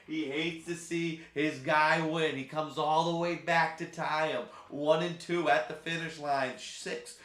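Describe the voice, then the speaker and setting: A man hosting a live stream, calling a race play-by-play with sudden loud outbursts and casual banter. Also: mid-range voice, echoey room. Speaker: stream host.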